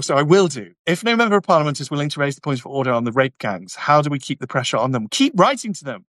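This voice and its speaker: A man with a fairly high, slightly bright voice hosts a YouTube livestream, reading viewer comments aloud and answering them bluntly with sardonic asides. The recording is dry, with no echo, and the talk is casual livestream chat.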